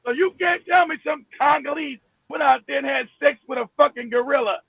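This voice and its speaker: A man hosting a live stream, ranting with emphasis and profanity, often shouting and repeating himself. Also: extremely high pitch, fairly even intonation, fairly quick, creaky, crowd noise. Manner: repeats himself, many restarts. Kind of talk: heated live-stream rant. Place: home in Florida. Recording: phone-like, dry, narrow sound.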